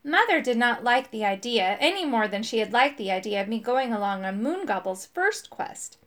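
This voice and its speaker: A woman reading a children's storybook aloud, expressive and animated. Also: a little high, normal speed. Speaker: audiobook reader.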